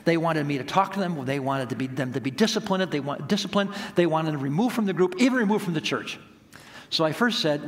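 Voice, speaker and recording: Earnest male pastor, slightly higher voice, emphatic storyteller, long hall echo. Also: animated, brisk. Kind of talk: sermon.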